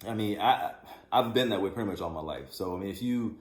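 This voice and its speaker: Man co-host, low voice, thoughtful and unhurried, reverberant room. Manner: reflective, measured, many fillers. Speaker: podcast co-host. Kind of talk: casual chat about relationships. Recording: echoey room.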